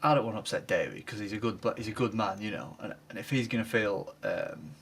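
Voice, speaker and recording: A man, speaking hesitantly and haltingly in an interview. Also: fairly low pitch, fairly bright tone, slightly rough. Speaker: shop worker.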